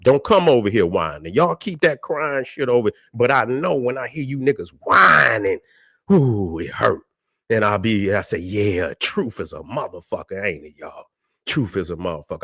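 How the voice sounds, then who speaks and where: A man's voice: mid-range voice, fairly bright tone, no echo, studio quality. A man hosting a livestream, talking in a combative, profane, preaching style and repeating "you see what I'm saying". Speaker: livestream host.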